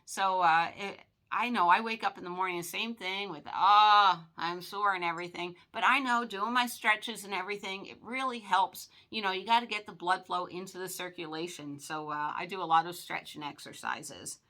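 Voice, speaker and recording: A woman's voice: fairly low pitch, fairly even intonation, moderate pace, hardly any pauses, pushed and bright. A woman in her sixties hosting a vlog, chatting casually to viewers in a rambling, folksy way full of filler words. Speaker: vlog host.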